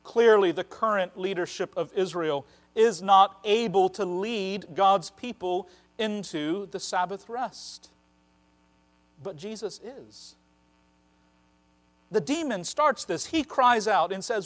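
A man preaching a sermon, earnest and emphatic, slowing down to stress key phrases. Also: high-pitched.

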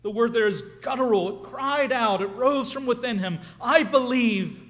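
A man preaching a sermon, earnest and reflective, often dropping to a hush on key phrases. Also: very high voice, normal speed.

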